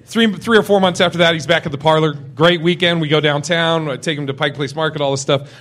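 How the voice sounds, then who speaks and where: A man's voice: fairly high pitch, fairly even intonation, quick pace, fairly bright tone. A man, a comedian, telling rambling anecdotes on a live podcast at a comedy festival, often restarting his sentences. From Pacific Northwest. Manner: rambling, self-interrupting anecdotes with quoted voices. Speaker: comedian guest. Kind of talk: casual storytelling on a live podcast.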